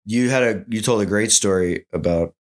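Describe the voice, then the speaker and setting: A man hosting a casual chat, telling a story in an animated way and acting out the quotes. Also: on the low side, moderate pace. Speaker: host.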